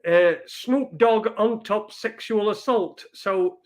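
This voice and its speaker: A man's voice: sits high, takes it slowly. A man hosting a live stream, rambling through news headlines in a casual, sweary commentary. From Britain. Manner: rambling, swears often, reads headlines aloud.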